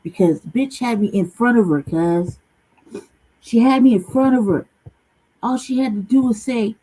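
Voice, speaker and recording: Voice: mid-range voice, moderate pace, mellow, slightly rough, low-quality recording. A channel host telling a long personal story in a casual, profane, rambling monologue full of slang.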